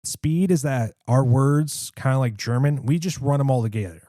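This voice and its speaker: A man's voice: medium pitch, normal speed, warm tone, no echo, clean studio sound. A young man with a Midwestern accent, co-hosting a casual podcast chat and telling stories with easy laughs. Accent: American Midwest. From American Midwest. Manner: laughs easily, chatty storytelling. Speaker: podcast co-host.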